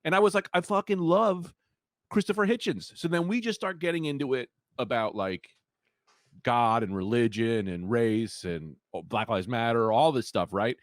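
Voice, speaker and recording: A man co-hosting a comedy podcast, telling a rambling, deadpan story with quoted voices. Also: mid-range voice, normal speed, dry recording, studio quality. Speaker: podcast co-host.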